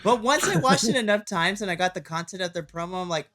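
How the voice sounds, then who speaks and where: Laughing, animated man in his thirties. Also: high-pitched, fast, hardly any pauses. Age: 30s. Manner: animated, laughing recaps of the show. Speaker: wrestling podcast co-host. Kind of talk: casual chat.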